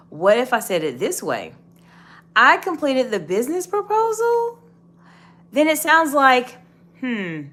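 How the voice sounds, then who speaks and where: A woman giving a live leadership-coaching talk, emphatic and animated, often acting out example phrasings. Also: mid-range voice.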